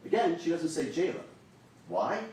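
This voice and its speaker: A man's voice: fairly high pitch, sing-song, moderate pace, a little mellow, slight background noise. A man giving a prosecutor's closing argument to a jury, pressing and repeating his points. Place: courtroom. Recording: echoey courtroom, voice from far off.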